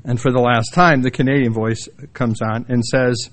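A middle-aged man preaches to his congregation in an everyday mid-range voice. He moves through his sermon by telling funny anecdotes, breaking into lively voices for the people in his stories. He speaks to the room from the front of a church. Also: mid-range voice, normal speed. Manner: storytelling, acts out quoted voices. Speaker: pastor.

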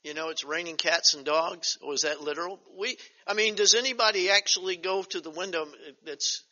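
An older man teaching a Bible study as pastor, reading scripture slowly and emphatically, then breaking into chatty asides. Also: sits high, bright, forceful tone. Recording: dull lo-fi recording.

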